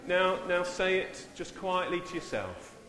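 A man leading a church service in an informal, halting way, often repeating his words. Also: high-pitched, big pitch swings, a crowd in the background. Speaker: church leader. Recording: echoey church hall, far mic.

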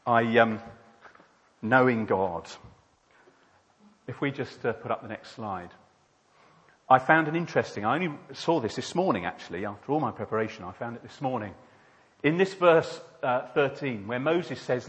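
A man's voice: medium pitch, lively intonation, moderate pace, pauses often, fairly bright tone. Male preacher, casual sermon delivery, reverberant church hall.

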